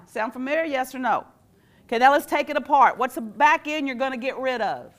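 Lively woman teaching a workshop. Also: sits high, brisk. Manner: animated, quizzes the audience with call-and-response questions; acts out quoted phrases in playful voices. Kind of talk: live interactive workshop talk.

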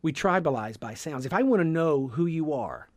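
Southern man from Georgia, radio guest, talks in looping animated stories with lots of restarts; close, dry studio sound. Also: on the high side, moderate pace, no room sound. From Georgia, USA. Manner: rambling, animated storyteller with many restarts. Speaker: guest, sound effects artist. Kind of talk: radio interview conversation.

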